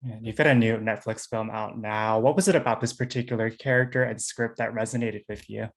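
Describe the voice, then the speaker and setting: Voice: mid-range voice, fairly even intonation, a little fast. Brief, encouraging interviewer. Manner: brief, encouraging, asks short questions. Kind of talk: interview questions.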